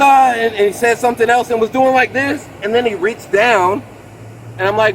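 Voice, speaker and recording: Recorded on a police body camera by a roadside, a complainant in his late thirties rambles excitedly to an officer, repeatedly saying "bro." His voice is very high and his pace moderate, with slight background noise in a low-quality recording.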